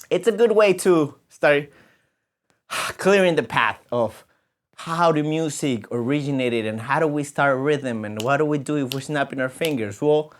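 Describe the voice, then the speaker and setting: A man teaching a music lesson to children, patiently explaining and counting beats aloud. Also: mid-range voice.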